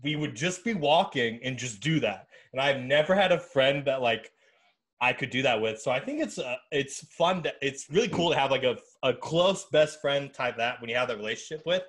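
A man in a mid-range voice hosts a podcast, talking easily and telling stories about friends. His delivery is relaxed and friendly, with the pauses and restarts of casual chat. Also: medium pitch. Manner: friendly, easygoing storytelling. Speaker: podcast host.

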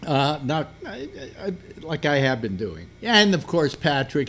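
Halting, rambling male talk host. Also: on the high side, sing-song, fairly bright tone. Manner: rambling and halting, many restarts; playful, teases callers. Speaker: radio talk show host. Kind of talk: casual call-in chat.

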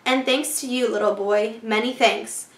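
A friendly, lonely frontier soldier speaks kindly to two children, as a woman reading a storybook puts him on. The voice sits fairly high and the room is echoey. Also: steady tone, normal speed, close to an everyday voice.

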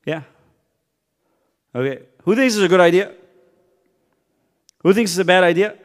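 Brief: man, youth Bible teacher, lively swooping pitch, playful and quizzing, slightly high voice, church hall reverb. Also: normal speed. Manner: animated, joking, quizzes the kids. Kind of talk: casual youth Bible lesson.

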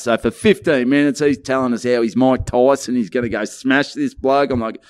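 A young man with an Australian accent spins a rambling, crude travel story for a podcast, acting out every quote along the way. His voice sits at a medium pitch, and the recording is close and dry with no room sound. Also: steady tone, a little fast, few pauses, no room sound. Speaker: podcast co-host. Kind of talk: casual storytelling chat. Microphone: studio mic.

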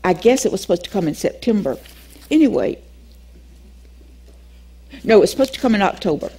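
An older woman leads a Bible class and shares a story from her own life. She tells it with lively energy, acts out each exchange, and laughs easily as she talks. Her voice sits at an ordinary middle pitch for a woman. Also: fairly quick, slightly rough. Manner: animated storytelling, acts out dialogue, laughs often. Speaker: Bible teacher. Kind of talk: teaching class with personal testimony.

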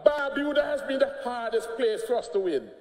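A man's voice: extremely high pitch, lively intonation, normal speed, a little mellow. An older man with an Antiguan accent giving a combative, mocking speech in parliament. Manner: combative, mocking, laughing jabs. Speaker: politician speaking in parliament. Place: parliament chamber. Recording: echoey chamber, long reverb.

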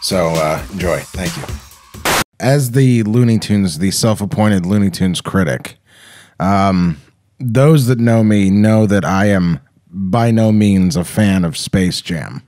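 A man hosts a casual interview in a relaxed way, pausing often as he frames his questions. His voice is on the lower side. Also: no echo, studio quality, soft background music. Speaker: host.

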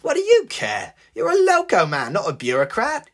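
The narrator voicing Maxine, a tough, brash female train driver who shouts and talks bluntly. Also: medium pitch, sing-song, moderate pace, husky, pitched above the performer's own voice. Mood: scornful.

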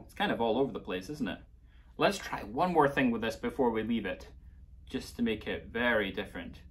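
A man's voice: mid-range voice, lively intonation, a little fast. A man with a Scottish accent teaching a playful children's music lesson, coaxing young listeners along.

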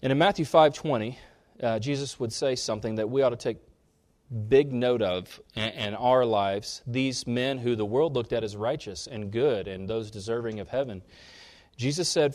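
A man preaching a sermon, rising sharply in pitch and loudness on key points and dropping low between them. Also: normal speed. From Kansas. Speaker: pastor.

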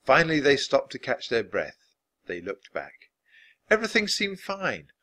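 Male storybook reader, bright tone, lively expressive delivery. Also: measured pace. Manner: expressive, dropping low for narration. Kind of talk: reading a children's book aloud.

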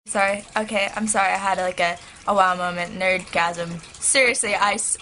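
Teen girl vlogger, crisp bright tone, gushing and rambling, soft aquarium filter hum behind her. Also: mid-range voice, moderate pace, poor audio. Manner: excitable, rambling, heavy use of "like". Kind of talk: casual chat to camera. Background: turtle tank filter hum.

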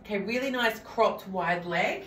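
A woman's voice: medium pitch, measured pace, fairly bright tone, reverberant, distant mic, slight background noise, low-quality recording. A woman, enthusiastically trying on clothes for viewers she calls friends. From Australia. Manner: gushing, addresses viewers as friends. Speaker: fashion try-on vlogger. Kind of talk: clothing try-on haul.

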